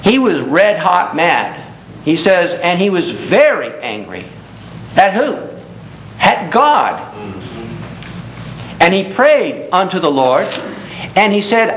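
High-voiced man preaching in echoey hall. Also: sing-song, slow, pauses often, a bit bright. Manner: earnest, reads scripture aloud in King James wording. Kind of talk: sermon. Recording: echoey room with faint rumble.

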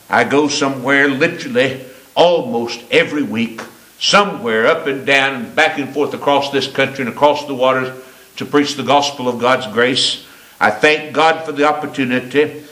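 An older man preaching a sermon in a church, his emphasis swinging from loud rising lines to low quiet asides. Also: roomy sound, poor audio. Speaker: pastor. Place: church sanctuary.

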